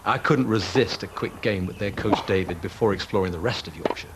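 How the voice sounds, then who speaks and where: A man's voice: lowish voice, brisk, background noise. A man presenting a travel show, chatty and enthusiastic as he narrates and talks with people.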